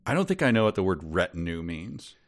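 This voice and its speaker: A man's voice: low-pitched, very animated, a little fast. A man co-hosting a casual podcast, laid-back and self-deprecating in his joking. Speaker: podcast co-host. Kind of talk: casual chat.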